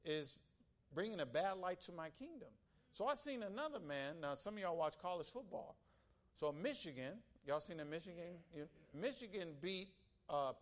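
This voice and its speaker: A male pastor preaching a sermon, telling stories with animation and calling out to the congregation. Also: fairly high pitch. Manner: animated storytelling, calls out to the congregation.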